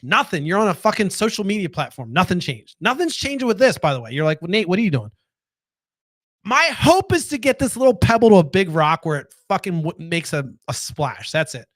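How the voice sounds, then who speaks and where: A man with a fairly high voice gives a loose, candid late-night monologue. He swears freely and keeps throwing rhetorical questions at his listeners. The sound is close and dry, with no room echo. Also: a bit bright. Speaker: podcast host.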